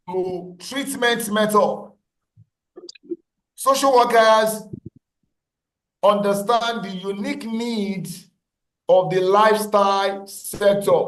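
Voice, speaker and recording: Male lecturer on a video call, high voice, repeats points for emphasis. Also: roomy sound, poor audio. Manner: repeats key phrases, asks class questions. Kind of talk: online class lecture.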